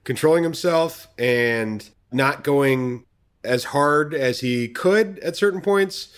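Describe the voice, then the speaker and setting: A man's voice: mid-range voice, slow pace, smooth. A man co-hosting a podcast, joking in a casual, crude and profane way. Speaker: podcast co-host. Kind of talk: casual comedic chat.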